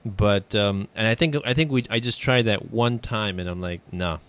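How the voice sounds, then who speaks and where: A man's voice: on the low side, moderate pace, fairly bright tone, clean tone. Chatty man interviewing casually. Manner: rambling, with many fillers and restarts. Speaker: podcast host.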